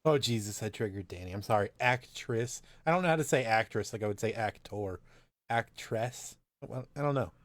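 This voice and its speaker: A man's voice: lowish voice, expressive, fast, hardly any pauses, no room sound. A man chatting casually on a live video call, teasing and laughing easily. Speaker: live chat regular.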